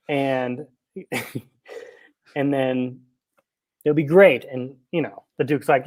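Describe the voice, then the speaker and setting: A man's voice: a little high, slow, long pauses, darkish tone. A young man co-hosting a casual podcast, retelling film scenes with quoted bits and frequent laughs. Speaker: podcast co-host.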